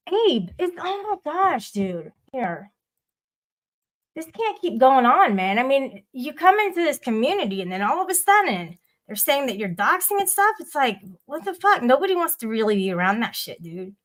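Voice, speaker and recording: A blunt woman with a somewhat high voice hosts a live audio chat room. She rambles casually, swearing freely as she talks to her listeners. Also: fairly bright tone.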